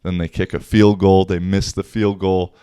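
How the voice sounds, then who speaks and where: A man's voice: sits low, flat delivery, moderate pace, dark tone, clean tone, no echo, clean studio sound. A man, hosting a casual podcast and telling a rambling story with swearing and laughs. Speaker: podcast host. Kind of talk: casual solo podcast talk.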